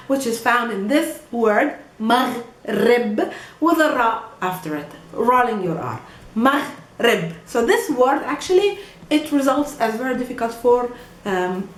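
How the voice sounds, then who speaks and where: Lively high-voiced woman teaching pronunciation. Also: roomy sound. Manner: playful, repeats words slowly, laughs often. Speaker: Arabic teacher. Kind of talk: pronunciation lesson.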